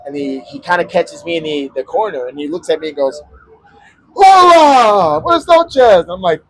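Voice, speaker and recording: A husky-voiced man spins a casual story for a podcast, jumping into the voices of the people he quotes. His voice sits a touch high for a man, and he curses easily as he talks on an outdoor balcony. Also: steady tone, quick pace, darkish tone, no room sound. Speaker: podcast co-host.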